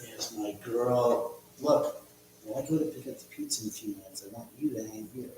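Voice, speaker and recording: A man's voice: mid-range voice, brisk, dark tone. A man chats loosely on his own live stream at home, joking and reading viewers' comments. His voice bounces around a very echoey room. A faint electrical hum runs behind it. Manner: rambling, joking, reads chat aloud. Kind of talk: casual live stream chat.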